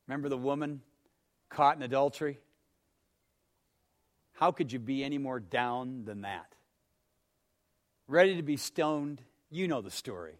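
This man's sermon alternates hushed phrases with loud, emphatic ones, and he questions his listeners. His mid-range voice moves at a measured pace with frequent pauses.

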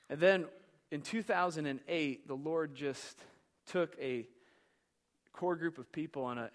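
A man preaching a sermon as pastor, telling a story with passion, swinging from hushed to loud. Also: on the high side. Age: young adult.

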